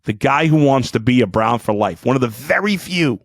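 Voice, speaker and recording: Fired-up, profane sports podcast host. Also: male voice, medium pitch, animated, normal speed, no echo, studio quality. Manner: fiery, profane, swings between shouting and muttering. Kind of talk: angry sports rant.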